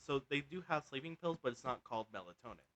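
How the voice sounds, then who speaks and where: A man hosting a gaming video, telling a long story in a loose, rambling way. He fills his talk with "like" and restarts sentences. His voice sits at a middle pitch. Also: expressive, quick pace, a bit bright. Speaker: gaming channel host. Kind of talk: casual storytelling while gaming.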